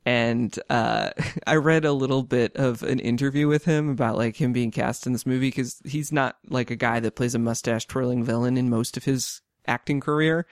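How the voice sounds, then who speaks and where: A man's voice: medium pitch, fairly even intonation, moderate pace, few pauses, no room sound, studio quality. A man co-hosting a podcast, chatting casually about a film, often restarting his sentences and laughing along. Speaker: podcast co-host.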